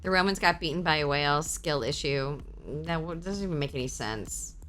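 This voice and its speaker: A woman streamer in casual live-stream chat, swearing freely and answering her chat aloud with excitable reactions. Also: low-pitched, moderate pace, slight background noise.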